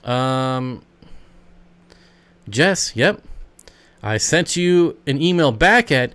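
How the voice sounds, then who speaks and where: Smooth-voiced chatty male stream host. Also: mid-range voice, animated, drawn-out words, pauses often, fairly bright tone. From United States. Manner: chatty, rambling, reads and answers chat comments. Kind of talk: casual live stream Q&A.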